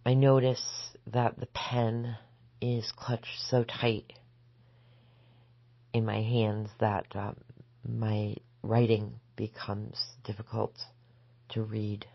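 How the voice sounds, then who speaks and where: A spiritual teacher, a woman, speaks at an unhurried crawl with a gravelly edge and a flat, even melody. Her delivery is gentle and measured, sometimes falling to a soft whisper. The recording is dull and dry. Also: extremely low pitch, no room sound. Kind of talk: slow reflective spoken essay.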